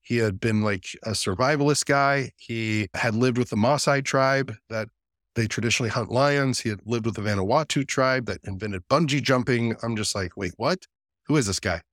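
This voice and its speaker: A man's voice: mid-range voice, moderate pace, no echo, studio quality. A man, a podcast guest, telling a personal story in a casual, earnest way and acting out the voices of the people he quotes. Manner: earnest and animated, acts out quoted dialogue.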